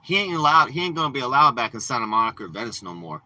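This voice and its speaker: A man's voice: mid-range voice, big pitch swings, rapid-fire, sharp tone, poor audio. A man ranting and boasting in casual, profane, rambling livestream chat from inside a parked RV, talking into a phone. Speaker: live streamer.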